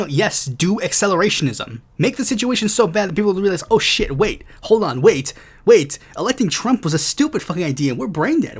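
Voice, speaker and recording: A young man rants through his political commentary, swearing freely and dripping with sarcasm. His voice sits a little high for a man and swings widely in pitch as he goes. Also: breathy edge. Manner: ranting, profane, sarcastic. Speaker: podcast host.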